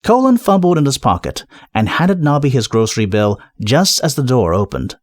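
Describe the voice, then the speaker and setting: A man narrating a comic fantasy audiobook in a lively, expressive storytelling voice. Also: medium pitch, normal speed, no room sound, clean studio sound.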